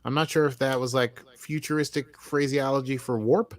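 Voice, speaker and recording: A man's voice: medium pitch, fairly even intonation, normal speed. An American man talking through a TV episode with a co-host, in an easygoing, rambling way. He keeps restarting his sentences and leans on fillers as he goes. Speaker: podcast co-host. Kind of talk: casual chat recapping a TV episode.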